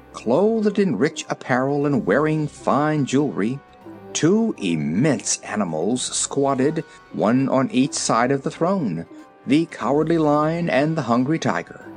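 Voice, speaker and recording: Storybook narrator, expressive, lively pitch, mid voice, faint music. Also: unhurried. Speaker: audiobook reader.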